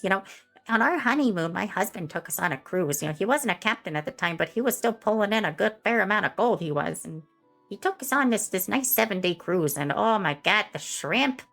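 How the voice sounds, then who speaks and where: A woman's voice: medium pitch, creaky, fairly bright tone, pitched above the performer's own voice. A woman voicing an entitled, gossiping middle-aged Midwestern woman in a tabletop role-play, with a Midwestern accent and a chirpy, prim, chattering manner. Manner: rambling gossip with folksy exclamations.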